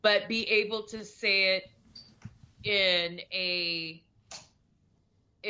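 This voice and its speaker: Woman, comedian, bright voice, blunt, swears, muffled lo-fi sound. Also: medium pitch. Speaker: stand-up comedian. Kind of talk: casual chat. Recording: dull lo-fi recording.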